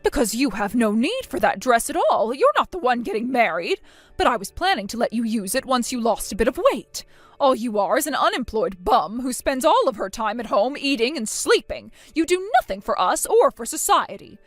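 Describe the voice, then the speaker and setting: A woman's voice: on the high side, very animated, moderate pace, dry recording, soft background music. A woman voicing a stern mother of the groom who scolds with harsh contempt in a voiced text-story drama. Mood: contemptuous.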